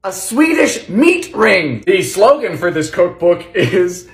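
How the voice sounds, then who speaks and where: A man cooking in his home kitchen, trading dry sarcastic quips with sudden shouted outbursts. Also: high-pitched, big pitch swings, slow pace, echoey room. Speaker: comedy cooking host. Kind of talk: quick comic cooking commentary.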